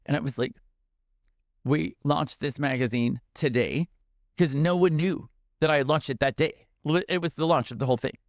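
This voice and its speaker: A man's voice: a little high, moderate pace, no echo, studio quality. A man, a podcast guest, telling a heartfelt story in a tearful, emotional way, with many fillers and restarts.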